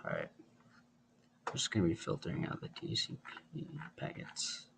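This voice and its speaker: A man's voice: moderate pace, background noise. A man casually walking through a screen-recorded tech tutorial, thinking aloud in an offhand way.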